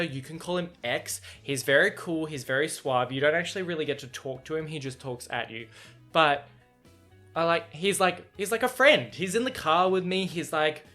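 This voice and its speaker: A man's voice: fairly high pitch, fairly bright tone. A young man in his twenties with an Australian accent, hosting a casual solo podcast and rambling chattily, laughing between thoughts. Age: 20s. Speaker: podcast host.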